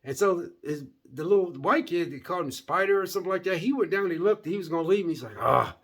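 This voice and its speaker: A man's voice: high voice, fast talker. A man giving a casual, rambling movie review, repeating words and saying "man" often. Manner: folksy, animated.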